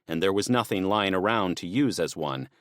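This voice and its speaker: A man narrating an audiobook in a steady, measured way. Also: low-pitched, dry recording, clean studio sound. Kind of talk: scripted narration.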